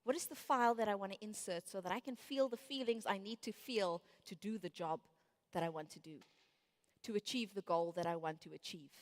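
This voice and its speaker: A woman's voice: medium pitch, a little fast. A woman in her late thirties giving a motivational conference talk, acting out her inner voices as she tells stories. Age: 30s. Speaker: conference speaker. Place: large conference hall. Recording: reverberant large hall.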